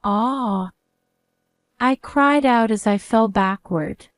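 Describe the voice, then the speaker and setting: A woman narrating a first-person story in a calm, even reading voice. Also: medium pitch, takes it slowly, no room sound, clean studio sound.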